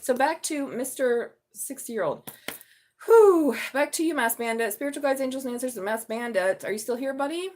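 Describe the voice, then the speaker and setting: A woman's voice: sits high, a little fast, few pauses. Blunt, chatty woman tarot reader. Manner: blunt and chatty, swears freely. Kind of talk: casual live-stream tarot reading.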